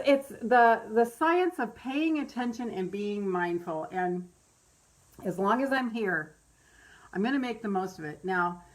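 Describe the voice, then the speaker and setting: A middle-aged woman hosting a casual live stream, candid and rambling, who laughs often and swears freely. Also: a little high. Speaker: meditation host on a live stream.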